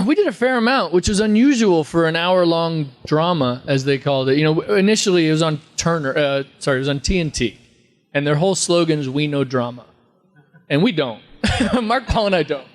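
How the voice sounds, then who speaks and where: A man's voice: a little high, lively intonation, a little fast. A man telling rambling, funny anecdotes in a casual Q&A at a fan convention. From Texas. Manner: rambling storyteller, slips into impressions and laughs. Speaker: convention panel guest.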